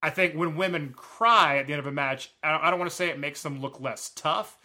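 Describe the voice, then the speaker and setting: A man co-hosting a podcast, chatting casually about a wrestling event and now and then mimicking fans in high voices. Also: brisk, sharp tone. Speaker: podcast co-host. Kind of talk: casual wrestling review chat.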